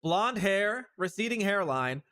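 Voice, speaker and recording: A male streamer giving chatty, animated commentary on a game, with sudden outbursts. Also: high voice, unhurried, faint music behind. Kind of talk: casual let's-play commentary.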